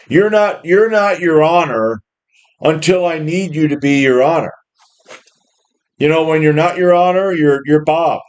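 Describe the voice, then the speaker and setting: A man in his fifties delivers a casual, combative monologue, swearing freely and repeating words as he restarts his thoughts. His voice sits a little higher than most men's. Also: darkish tone. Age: 50s. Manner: blunt, profane and combative, with mocking put-on quotes. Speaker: home gym channel host.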